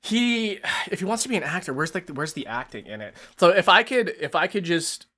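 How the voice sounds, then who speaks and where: A man hosting a casual live stream, animated and exasperated, who swears often and keeps laughing mid-sentence. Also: high-pitched, a little fast. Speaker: streamer host.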